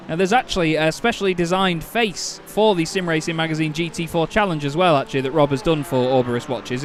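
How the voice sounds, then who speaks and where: A man with a Northern English accent doing excitable, jokey live sim racing commentary, quick to laugh and exclaim. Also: a little high, a little hiss or hum.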